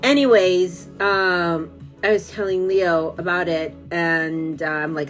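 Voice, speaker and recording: A woman's voice: lowish voice, fairly even intonation, moderate pace, faint music behind. A woman from California, chatting casually on a live stream, rambling and gushing with lots of fillers as she answers viewer comments.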